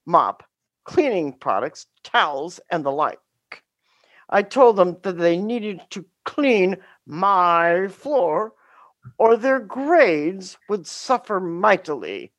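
A middle-aged woman recalls her teaching days with wry humor and a deliberate, dramatic delivery. Her voice is lowish and very animated, with no room sound in the recording.

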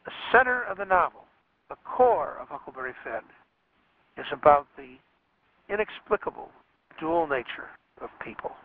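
A man's voice: fairly high pitch, big pitch swings, normal speed, pauses often, dry recording. A man giving a radio lecture on literature, explaining thoughtfully and with emphasis. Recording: dry, tinny phone-like radio sound.

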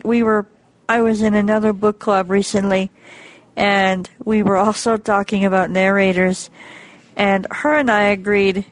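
A woman talks very slowly in a chatty, exasperated way. Her voice sounds dry and close, with no room around it. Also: mid-range voice, no room sound. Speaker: book club member. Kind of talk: casual group chat.

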